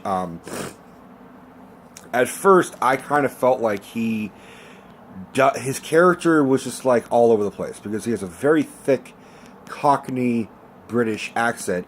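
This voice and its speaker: Rambling, cussing man with a low voice. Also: a little hiss or hum. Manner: rambling and profane, full of fillers. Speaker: film reviewer. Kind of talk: casual movie review rant.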